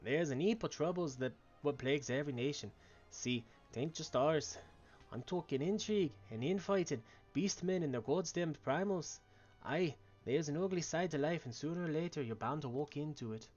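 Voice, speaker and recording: Man doing a bawdy old barkeep, gruff, high and loud, dull audio. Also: animated, normal speed, faint music behind. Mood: boisterous. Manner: rowdy, boisterous, full of slang. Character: bawdy old male tavern keeper, jovial and gruff.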